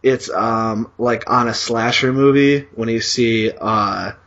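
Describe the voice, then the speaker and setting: A man's voice: mid-range voice, slow, fairly bright tone, highs cut off. Profane rambling man telling a story. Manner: profane, rambling with many fillers. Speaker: podcast co-host. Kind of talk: casual storytelling.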